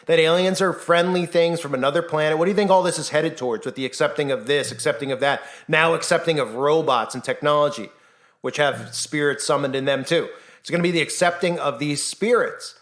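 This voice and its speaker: A man's voice: fairly high pitch, brisk, a bit bright. A man talking to camera on his own channel, urgent and insistent, firing off rhetorical questions and acting out the voices he quotes. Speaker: Christian YouTuber. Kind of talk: impassioned monologue.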